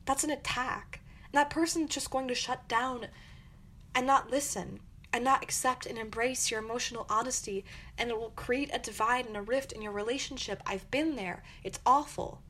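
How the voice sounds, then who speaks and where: An earnest young woman hosts her own podcast, talking through advice in an encouraging, reflective way. Her voice sits a little high, with a faint hiss behind it. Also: moderate pace, fairly bright tone. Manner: earnest, encouraging, acts out angry quotes. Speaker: podcast host.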